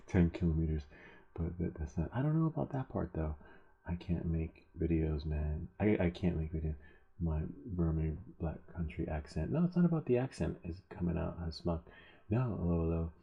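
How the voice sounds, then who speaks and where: Deep gravelly dude rambling on his diy channel, kinda husky, swears, laughs at himself. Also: mellow, highs cut off. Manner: loose, chatty, swears casually, laughs at himself. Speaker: DIY tech channel host. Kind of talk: casual rambling chat.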